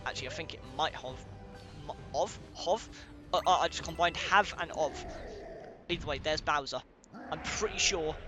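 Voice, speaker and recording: Excitable man narrating his gameplay. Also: on the high side. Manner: excitable, rambling, often apologizing to viewers. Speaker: let's play host. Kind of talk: casual gameplay commentary. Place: room at home at a gaming chair. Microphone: headset. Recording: game music clearly behind.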